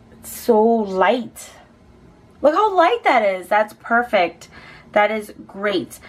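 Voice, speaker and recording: Excitable beauty vlogger woman, slow delivery. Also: medium pitch. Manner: excitable, gushing, chatty. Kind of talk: casual makeup swatch vlog. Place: home, children nearby.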